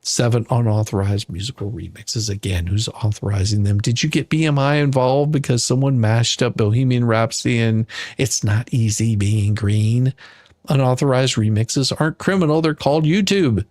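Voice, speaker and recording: A man's voice: medium pitch, fairly quick, hardly any pauses, a little mellow, dry recording. A man hosting a comedy channel, delivering a sarcastic, mock-outraged legal rant with theatrical flair. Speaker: commentary channel host.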